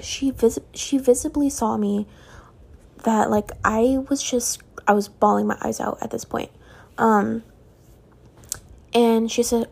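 A woman's voice: on the high side, flat delivery, unhurried, vocal fry, a little mellow, slightly rough. A young woman telling a personal story in a casual, rambling way at home, full of "like" and "um".

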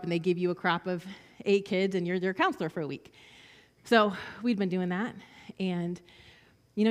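Woman telling a story in a reverberant hall. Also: on the low side. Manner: storytelling, acts out voices of children. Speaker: speaker sharing a testimony. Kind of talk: personal testimony talk.

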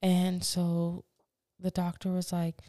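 A woman co-hosting a podcast in casual chat, telling stories in an animated, blunt way, swearing and laughing at herself. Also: on the low side, takes it slowly, no echo, clean studio sound. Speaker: podcast co-host.

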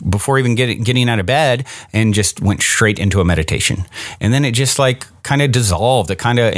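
A man hosting a podcast tells a personal story in a relaxed, chatty way, his voice sitting in an ordinary middle pitch. He sounds upbeat and fills his talk with casual fillers and quick restarts. The recording is dry and close, with no room sound. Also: no room sound. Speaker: podcast host.

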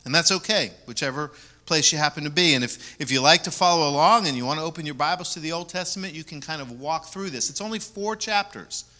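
A pastor preaches a sermon, repeating key words for emphasis and shifting between loud stresses and soft asides. His voice is on the high side and he speaks fast.

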